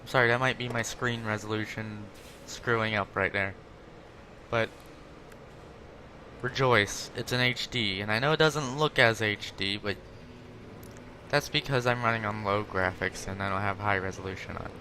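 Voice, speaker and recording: A gaming channel host with a lowish voice talks at normal speed, giving casual commentary while showing off tanks. He rambles, corrects himself and stays chatty, with slight background noise and loud game audio behind him.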